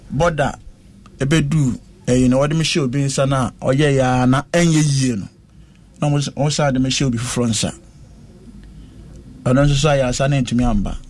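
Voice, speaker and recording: A man's voice: medium pitch, a little mellow. Earnest man telling his story. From West Africa. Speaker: interviewee. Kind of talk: recounting a personal ordeal in conversation.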